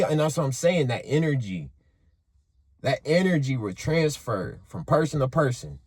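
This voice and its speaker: Husky, animated man telling a story. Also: mid-range voice, normal speed, no echo, studio quality. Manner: animated, swings between hushed and loud, profane. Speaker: motivational vlogger. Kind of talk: casual storytelling monologue.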